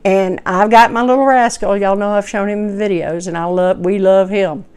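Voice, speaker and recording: A woman's voice: medium pitch, steady tone, moderate pace, a little mellow, clear, resonant tone. A woman, telling a personal story to her viewers in a heartfelt, rambling, folksy way. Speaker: vlogger.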